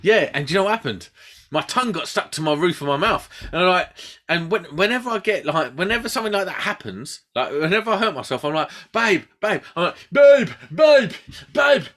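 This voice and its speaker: British male podcast host; animated storyteller who shouts out quoted lines. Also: a little high, fast talker. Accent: British English. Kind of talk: casual chat.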